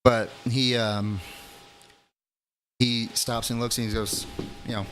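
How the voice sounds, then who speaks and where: A man's voice: mid-range voice, level tone, takes it slowly, fairly bright tone, clear, resonant tone, soft background music. A man casually telling stories from his own life, blunt and profane, laughing at his own jokes. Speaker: storyteller. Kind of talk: casual storytelling.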